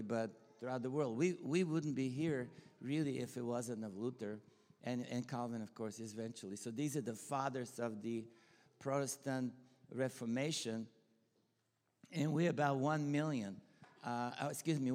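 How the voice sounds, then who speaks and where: Older Bulgarian-accented preacher in a reverberant hall. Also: male voice, mid-range voice, a little mellow. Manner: rambling, enthusiastic, frequent restarts. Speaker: pastor and school leader. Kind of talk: informal sermon with personal stories.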